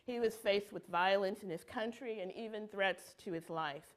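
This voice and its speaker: A woman giving a measured, prepared introduction of a speaker at an event. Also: medium pitch. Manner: measured, read from notes.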